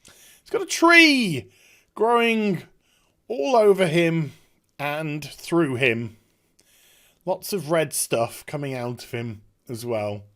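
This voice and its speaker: A man's voice: a little high, expressive, slow pace. A middle-aged man giving casual, sarcastic commentary on a trailer, with chuckling asides. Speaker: YouTube commentator.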